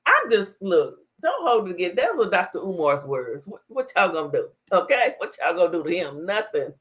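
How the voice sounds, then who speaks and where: A woman's voice: fairly low pitch, sing-song, normal speed, a bit bright. A woman hosting a casual livestream talk show, blunt and sassy.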